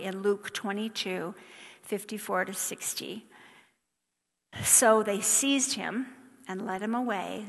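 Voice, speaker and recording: A woman preaching a sermon, reading scripture aloud with emphatic rises and soft hushed drops. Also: medium pitch, gravelly. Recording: long hall reverb.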